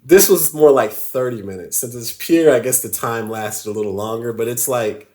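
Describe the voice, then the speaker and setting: A man telling a story on a podcast, animated and laughing often, swearing casually. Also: medium pitch, moderate pace. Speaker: podcast guest.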